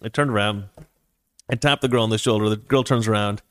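A man's voice: on the low side, fast, no echo, studio quality. A man telling a casual personal anecdote, acting out the voices of the people in it and chuckling along the way. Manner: animated, acts out quoted voices, chuckles while telling. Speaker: storyteller.

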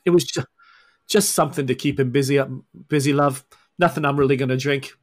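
A man's voice: mid-range voice, fairly even intonation, brisk, natural voice. Man putting on a wry Scottish vampire woman. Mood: sheepish. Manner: folksy, teasing drawl. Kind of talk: tabletop role-play voicing.

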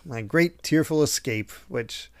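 In a dry, studio-quality recording, a man with a medium-pitched voice and some vocal fry hosts a podcast at a measured pace. He recaps a manga casually and animatedly, performing the characters' lines while retelling the story.

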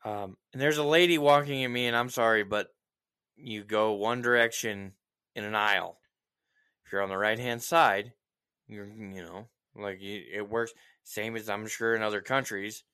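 A man with a bright, forceful voice tells a story in casual chat as a profanity-laced rant. He is animated and slips into mocking asides as he goes. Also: fairly low pitch, normal speed, smooth.

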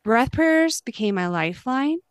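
A middle-aged woman giving a personal faith testimony, earnest and gentle, dropping into a soft hush when she speaks her prayers. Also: high-pitched, animated, a little slow, clear, resonant tone.

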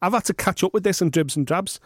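Podcast host, man, high voice, animated sweary ranting, dry mic. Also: fast talker, no room sound. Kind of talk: casual chat.

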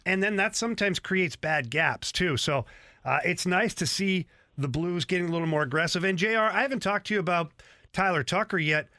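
A man co-hosting a sports radio show, teasing, playful and animated. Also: high voice, a little fast, dry recording, studio quality. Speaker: radio co-host, hockey analyst. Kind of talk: casual radio chat.

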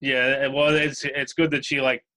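Man, interviewer, agreeable, reflective, bright voice. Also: mid-range voice, flat delivery, normal speed, low-quality recording. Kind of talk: casual interview.

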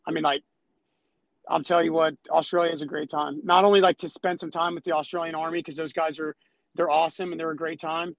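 A young man speaking as a guest in a casual chat, relaxed and rambling. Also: a little high, a little fast, creaky, no room sound. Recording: dry, slightly dull sound.

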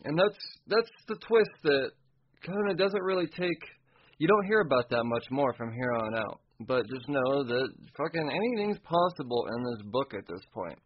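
A man talks through a comic book chapter in a loose, profane way, laughing at bits as he goes. His voice sits at an ordinary middle pitch. The recording sounds dull and lo-fi. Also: expressive, normal speed, slightly rough. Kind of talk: casual recap chat.

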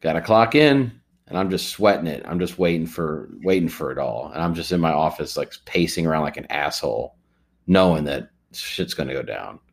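A man co-hosting a comedy podcast, pitching absurd movie ideas in a deadpan way. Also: brisk, creaky. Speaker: podcast co-host.

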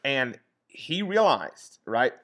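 A man casually retelling a historical episode in conversation, often pausing to check in with "okay?" and leaning on "like". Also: medium pitch. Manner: animated retelling with frequent "like" and "okay?" check-ins. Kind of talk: casual storytelling chat.

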